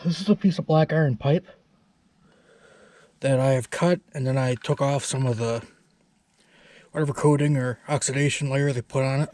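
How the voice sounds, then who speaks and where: A man narrating his own truck repairs in a relaxed, rambling way with many fillers. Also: mid-range voice, moderate pace, long pauses, slight background noise. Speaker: DIY truck repair vlogger. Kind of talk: casual workshop narration.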